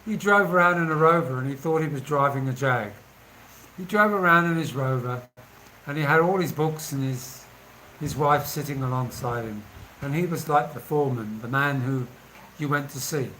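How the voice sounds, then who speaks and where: A man's voice: medium pitch, moderate pace, bright, forceful tone, a little hiss or hum, poor audio. A man, casually telling anecdotes and laughing as he goes. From England. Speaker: vlogger. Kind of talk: casual storytelling.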